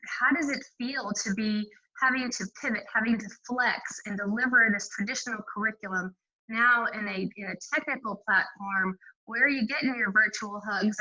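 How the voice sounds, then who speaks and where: A woman's voice: on the high side, sharp tone, lo-fi sound. A woman moderating an online panel discussion, asking appreciative questions.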